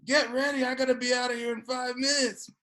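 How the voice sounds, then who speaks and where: A woman's voice: sits low, slow pace, voice pushed down. A woman voicing a stressed working mother who orders and scolds her children. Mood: yelling. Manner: scolding, bossy.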